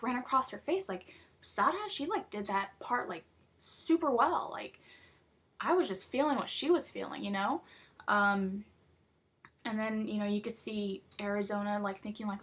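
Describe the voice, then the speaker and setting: A young woman vlogging casually, chatty and rambling, full of fillers and excited asides. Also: medium pitch, measured pace, slightly rough. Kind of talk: casual chat about a TV show.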